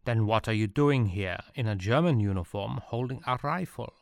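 A man plays an eccentric Prussian artillery officer who lectures in a quick, flat delivery, sounding as if he's interrogating someone. The voice is gravelly and fairly low, recorded dry without any room sound, well suited to a storybook reading.

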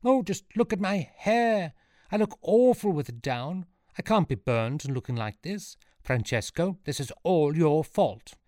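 A man putting on a shrill, vain noblewoman. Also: animated, unhurried, darkish tone, no echo, studio quality. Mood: fretful. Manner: shrill and fretful. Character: fussy, vain noblewoman, adult.

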